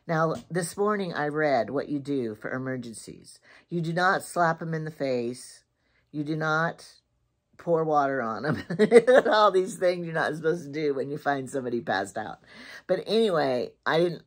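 An older woman with a low-pitched voice talks in a loose, chatty way. She rambles and repeats herself, thinking aloud as she goes through her shopping haul. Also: expressive, a little slow. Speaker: shopping vlogger. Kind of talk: casual chat.

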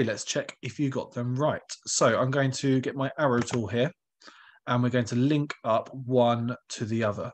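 A man's voice: mid-range voice, slightly rough. A male primary school teacher, giving a recorded online lesson in a patient, encouraging way and asking the pupils questions.

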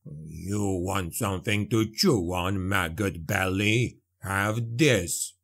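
A man voicing a huge, gruff, one-eyed dwarf warrior who growls and snarls with contempt. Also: low voice, slow pace, fairly bright tone, voice pushed down, exaggerated voice. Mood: taunting.

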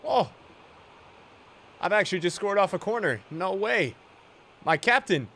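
Excitable man narrating his own gameplay. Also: measured pace. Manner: excitable, swings from loud yelps to low muttering. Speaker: gaming video creator. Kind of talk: live gameplay commentary.

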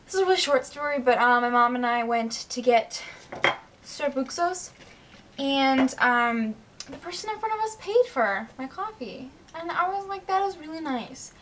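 A woman's voice: high-pitched, expressive, measured pace, fairly bright tone, a little hiss or hum. A teenage girl telling rambling, chatty stories to camera in a home vlog, full of "like" and "um". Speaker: vlogger. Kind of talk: casual storytelling vlog.

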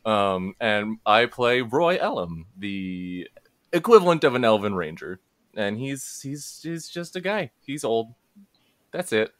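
A man's voice: medium pitch, very animated, a little slow, dry recording. A man from Southern California, an artist and tabletop player, introducing himself shyly with nervous laughs. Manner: shy, flustered, laughing. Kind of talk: casual self-introduction.

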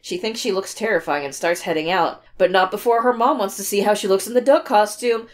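A woman's voice: mid-range voice, brisk. A woman co-hosting a casual podcast, reading plot notes aloud with wry asides. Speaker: podcast co-host.

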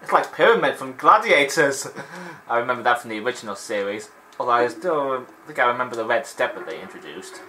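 A man's voice: mid-range voice, animated, brisk, pushed and bright, slight background noise, rough recording. A man hosting a let's play, chatting in a rambling, digressive way and laughing often while he plays. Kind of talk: rambling gameplay commentary.

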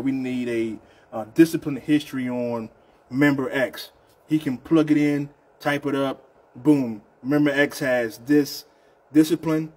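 With a mid-range, slightly breathy voice, a man with a Southern US accent talks casually on a union live stream he hosts. He rambles loosely, repeats things, and says "man" a lot.

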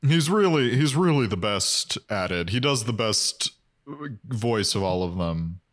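A man's voice: on the low side, lively intonation, measured pace. A young man co-hosts a casual rewatch podcast, talking through plot points. He stops and restarts often and slips in dry jokes. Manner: hesitant, lots of ums and restarts, dry jokes. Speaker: podcast co-host. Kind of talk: casual recap chat.

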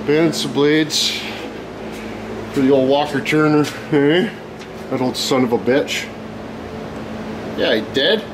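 A man's voice: on the high side, slow, pauses often, noisy background. A man, chatting casually and profanely to his vlog camera while driving and tinkering in a workshop. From Canada. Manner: profane, rowdy banter with loud outbursts. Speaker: vlogger.

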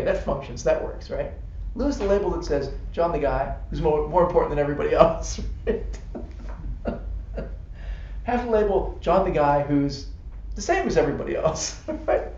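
A man's voice: on the high side, darkish tone. A man teaching a casual Buddhist class, chatty and laughing often, checking in with "right?" and "you know". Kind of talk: casual dharma class lecture. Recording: echoey room, dull live-stream audio with faint hiss.

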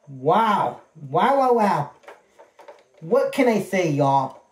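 A man chatting casually to camera while unboxing birthday presents, excitable and folksy, repeating his words. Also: sits high, drawn-out words, pauses often. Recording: echoey room with faint noise.

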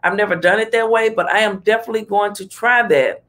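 A woman's voice: medium pitch, fast, a bit bright. A woman hosting a casual talk show, chatting and giving her own opinions on a cooking clip. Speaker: host. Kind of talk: casual commentary.

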